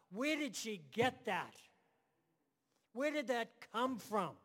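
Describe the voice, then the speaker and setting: High-voiced emphatic man preaching. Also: sing-song, slow pace, fairly bright tone, big-room sound. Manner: emphatic, repeats phrases in building lists. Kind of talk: sermon. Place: church room with live and online audience.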